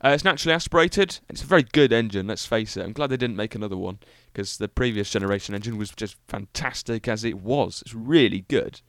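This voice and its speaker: A man's voice: lowish voice, animated, fast talker, few pauses, no echo. A young British man hosting a solo car-review podcast, talking in a rambling, enthusiastic, self-mocking way with lots of fillers. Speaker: podcast host.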